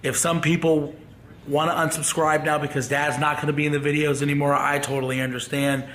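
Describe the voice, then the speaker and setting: Man, grieving, halting speech, slightly raised pitch, faint background noise. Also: level tone, fairly bright tone. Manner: halting, grief-stricken. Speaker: vlogger. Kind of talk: emotional farewell vlog.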